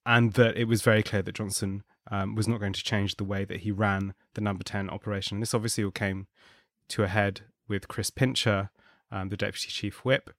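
Low-voiced man, halting analytical talk. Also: flat delivery, no room sound, clean studio sound. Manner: thoughtful, wry, with frequent fillers and restarts. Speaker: guest, contributing editor. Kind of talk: conversational political analysis.

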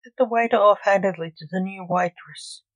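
A woman narrating a short story in a plain, even reading. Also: medium pitch, fairly quick, dry recording, muffled recording.

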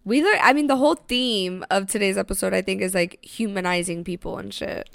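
Woman co-host, casual podcast chat, gravelly edges, dry close sound, blunt and soothing. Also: medium pitch, fairly quick, fairly bright tone, dry recording. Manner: reassuring, blunt and profane.

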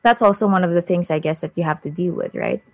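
A woman's voice: on the low side, fast, no room sound. Earnest young woman from the philippines, filipino native, chatting as a guest, dry close sound. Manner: earnest, mixes in Tagalog phrases. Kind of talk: casual interview conversation.

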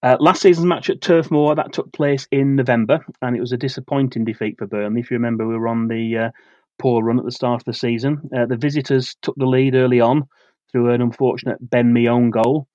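A man co-hosts a football podcast and reads a prepared preview in a steady, measured way. His voice is mid-pitched for a man. The recording is dry and a little dull, with a slightly lo-fi sound. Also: dry recording. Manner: steady, measured delivery of facts and dates. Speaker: podcast co-host presenting match previews. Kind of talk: reading a prepared match preview.

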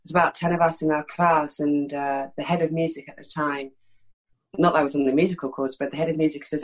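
A middle-aged actress from East London with a slight lisp, telling frank, animated stories in a candid interview. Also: female voice, low voice, quick pace, low-quality recording. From East London, England. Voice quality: slight lisp that sometimes creeps in. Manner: frank, animated storytelling with many fillers.

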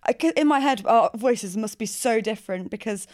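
A woman's voice: a little high, animated, normal speed, a little mellow, dry recording. Chatty northern English woman, dry sound. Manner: chatty, laughs often, self-deprecating. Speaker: podcast co-host. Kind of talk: casual chat.

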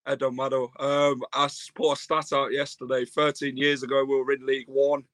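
A man's voice: mid-range voice, little pitch movement, brisk, a bit bright, no room sound. Man chatting football on a dry line. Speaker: guest on a football fan show. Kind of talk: casual chat.

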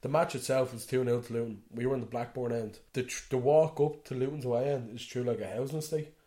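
A man's voice: medium pitch, steady tone, quick pace, mellow. Young Dublin Irish man, podcast co-host; chatty, laughing storyteller who acts out quotes. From Ireland. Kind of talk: casual chat.

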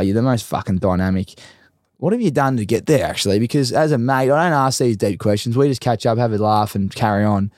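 A man in his twenties with an Australian accent, hosting a casual chat with a mate, blokey and excitable, swearing freely as he tells stories. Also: mid-range voice, no room sound, clean studio sound. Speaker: podcast host, footballer.

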